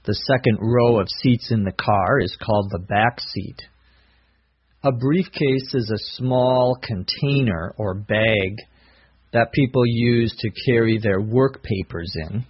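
Slow, husky man teaching English. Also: mid-range voice. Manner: slow, careful explanation of vocabulary. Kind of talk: slow scripted language lesson. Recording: dull lo-fi recording.

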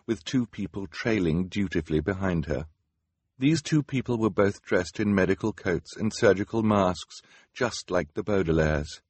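A man narrates a storybook in a wry, measured way. His voice sits low with a husky grain, and the pitch moves in a lively way. The close-miked recording sounds dry. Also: dry recording. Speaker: audiobook narrator.

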